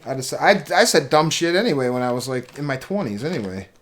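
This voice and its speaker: Man, podcast co-host, joking, loose, casual swearing, mid-pitched voice. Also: big pitch swings, fast talker, fairly bright tone. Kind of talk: casual banter.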